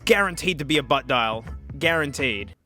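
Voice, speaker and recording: A man hosting a casual tech video, talking excitably and joking as he goes through old gadgets. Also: mid-range voice, normal speed, faint music behind. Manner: excitable, jokey, many exclamations and laughs. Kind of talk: casual unboxing commentary.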